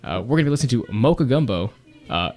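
A man's voice: mid-range voice, animated, fast, a little mellow, soft background music. A young man co-hosting a college radio show, making wry remarks in casual chat. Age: young adult.

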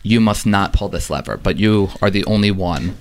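A man voicing a talking desert guardian snake that is calm and persuasive, speaking quickly in his own deep voice. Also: a little hiss or hum, natural voice.

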